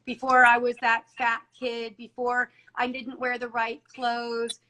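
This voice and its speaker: Speaking a little slowly, this middle-aged woman has a slightly high voice with a sharp tone and a completely flat delivery, captured on a rough recording. As a salon owner guest in a candid interview, she is earnest and emotional, often restarting and quoting what others said.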